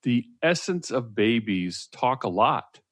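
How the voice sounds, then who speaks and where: A man's voice: mid-range voice, sing-song, takes it slowly, no echo. A man co-hosting a talk radio show, explaining earnestly with frequent fillers. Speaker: co-host.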